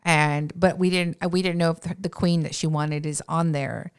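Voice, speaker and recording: A woman co-hosting a podcast in excitable, gushing casual chat. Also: low-pitched, moderate pace, clear, resonant tone. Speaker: podcast co-host.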